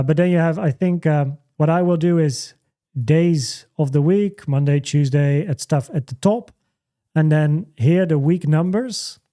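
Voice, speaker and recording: Halting, mellow-voiced man on a livestream. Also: a little high. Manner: halting, repeats words, many fillers. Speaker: livestream host. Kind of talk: casual livestream chat. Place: home.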